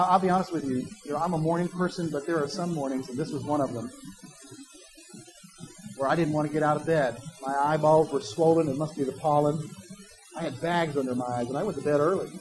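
Male pastor, high-pitched voice, conversational sermon delivery. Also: a little fast, poor audio. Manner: conversational preaching, personal asides, quoting imagined voices.

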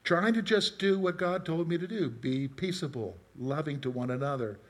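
Middle-aged male preacher, slightly high voice. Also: lively intonation, moderate pace. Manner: asks the congregation questions and tells personal stories. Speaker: pastor. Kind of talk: conversational sermon.

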